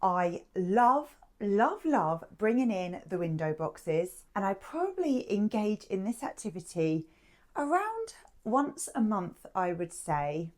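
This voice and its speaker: Woman, vlog host, gentle chatty read with a lively, wide-ranging pitch. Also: slow pace. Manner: gentle, chatty, laughs easily. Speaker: lifestyle vlogger. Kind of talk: casual vlog chat and narration. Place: home and small-town outings.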